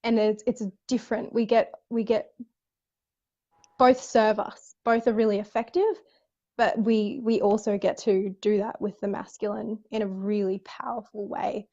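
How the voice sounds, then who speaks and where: A woman's voice: mid-range voice, flat delivery, measured pace, warm tone, dull audio. A woman hosting a casual spiritual chat, talking earnestly with casual swearing and frequent restarts. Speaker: host.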